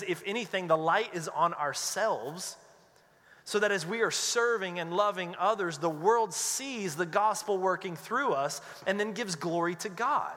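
A man preaching with a high, bright and forceful voice. He tells his stories with animation and slips into the voices of the people he quotes. His sermon rings out with the long reverb of a church hall. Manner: animated storyteller who acts out quoted voices. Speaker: pastor.

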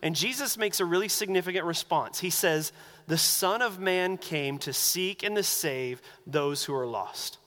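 A man preaching a sermon as pastor, animated and acting out the voices he quotes. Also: high-pitched, unhurried, in a large hall.

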